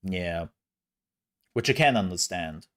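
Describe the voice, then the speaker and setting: Low-ish guy streamer rambling to chat, slow drawl, pokes fun at himself. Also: expressive, fairly bright tone. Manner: rambling, self-mocking asides. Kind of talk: casual live-stream chat.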